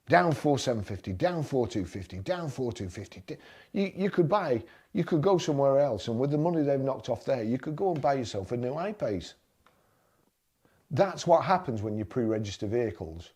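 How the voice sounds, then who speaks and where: A man's voice: mid-range voice, lively intonation, normal speed, a little mellow, breathy edge. A man giving a blunt, exasperated commentary while browsing car listings, repeating himself when riled. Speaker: motoring vlogger. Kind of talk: screen-browsing commentary and rant.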